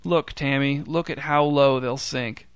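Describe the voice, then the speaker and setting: A man's voice: medium pitch, steady tone, unhurried, smooth, dry recording, studio quality, close to an everyday voice. A man narrator putting on a grumpy, indignant man who scolds a cheering crowd. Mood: grumbling. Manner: exasperated, scolding.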